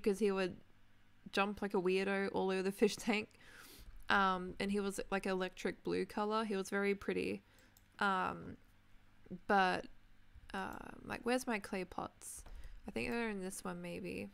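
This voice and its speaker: A young woman chatting casually while streaming a building game, reading chat names and clearing her throat, her voice tired from talking. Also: mid-range voice. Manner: chatty, reads out chat names, many ums. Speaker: Minecraft livestreamer.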